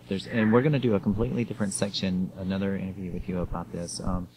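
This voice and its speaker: Deep, flat-voiced sympathetic male host. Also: quick pace. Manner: gentle, sympathetic, with hesitations. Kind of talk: interview conversation. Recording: audible background noise.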